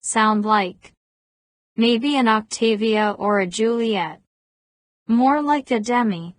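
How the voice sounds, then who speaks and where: A woman voicing a guarded, persistent man in his thirties in an audiobook, at a slow pace. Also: on the high side, no echo. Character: wary 37-year-old man, persistent and guarded.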